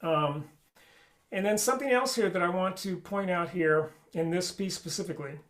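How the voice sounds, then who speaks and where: A man's voice: high voice, normal speed, a bit bright. A man teaching an online flute lesson, explaining articulation and singing rhythms on syllables.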